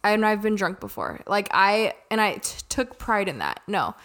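A woman from Arizona, co-hosting a podcast, chatting casually, laughing often and chiming in with quick asides. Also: medium pitch, big pitch swings, fairly bright tone. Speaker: podcast co-host. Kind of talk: casual chat.

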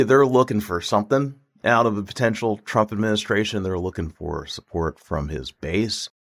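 A man appearing as a guest political reporter, talking lively and thinking aloud, quick to laugh. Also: deep voice. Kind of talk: casual political chat.

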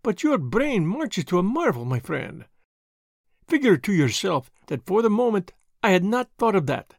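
Man putting on a detective, fussy, formal, excitable, lively pitch. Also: moderate pace, vocal fry, dry recording, clean studio sound, full character voice. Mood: animated. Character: fussy foreign male detective, vain.

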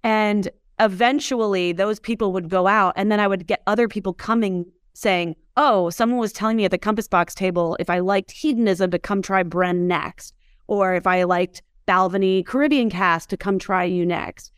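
A woman's voice: medium pitch, moderate pace, smooth, dry recording, clean studio sound. A woman guest telling stories in a casual interview, chatty and laughing often. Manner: chatty, lots of filler words, laughs while telling stories. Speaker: interview guest, whiskey brand founder.

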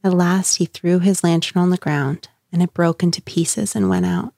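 A woman giving a dramatic reading of a passage in a measured, expressive way. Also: lowish voice, gravelly, dry recording, studio quality. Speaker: quote reader.

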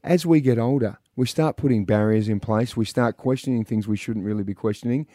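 A man co-hosting a radio show, upbeat, chatting with quick asides and questions. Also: lowish voice, dark tone, no echo, clean studio sound. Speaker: radio co-host. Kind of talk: casual radio banter.

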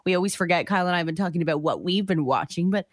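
A woman's voice: lowish voice, racing, no echo. A woman co-hosting a radio show in casual banter, laughing often mid-sentence, on a close studio mic. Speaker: radio co-host.

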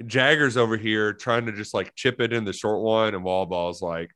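A man co-hosting a casual sports podcast, telling stories in an animated way and laughing often. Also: fairly low pitch, moderate pace, few pauses. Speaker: podcast co-host.

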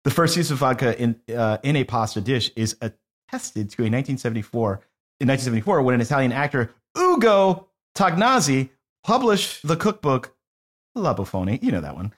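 A young man co-hosting a casual food chat, playful and animated as he tells stories. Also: medium pitch, fast. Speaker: podcast co-host.

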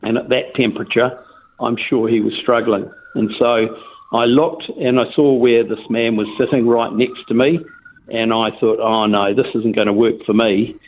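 An older man with a New Zealand accent tells a long story over the phone, rambling and restarting his sentences. His voice sits at a middle pitch and comes through a thin, tinny phone line. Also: fairly even intonation, moderate pace, a little hiss or hum. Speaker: interviewee. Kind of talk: phone interview, casual storytelling.

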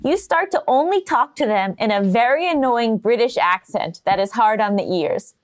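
A woman's voice: a little high, expressive, moderate pace. Playful woman co-host, laughing often. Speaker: podcast co-host. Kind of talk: casual podcast chat, reading game prompts.

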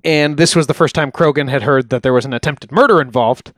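A man co-hosting a podcast, recounting a true-crime case in a relaxed, chatty way with frequent ums. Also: mid-range voice, brisk, no room sound, studio quality. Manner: relaxed, uses fillers like uh and um. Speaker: podcast co-host. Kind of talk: casual true-crime storytelling.

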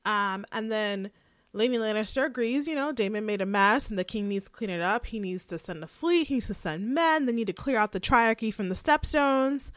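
A woman hosting a podcast, casually recapping a show episode in a chatty, animated way with slang. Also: a little high, a little fast, no echo, studio quality. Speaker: podcast host.

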